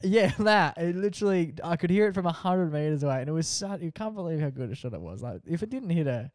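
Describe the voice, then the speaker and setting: A young man co-hosting a podcast, telling a story in casual chat, animated and laughing often as he acts out what people said. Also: on the high side, fast, dry recording, studio quality. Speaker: podcast co-host.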